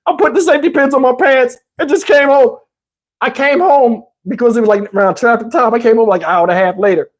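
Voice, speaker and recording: A man in his fifties hosting a livestream, telling a story casually and profanely, animated and rambling with many restarts. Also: very high-pitched, fast. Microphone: wearing a microphone.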